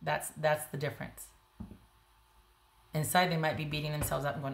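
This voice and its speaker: A woman with a notably low voice gives a casual tarot reading to the camera. She talks bluntly and emphatically, in a conversational flow full of restarts. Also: level tone, normal speed, gravelly, slight background noise. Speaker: tarot reader.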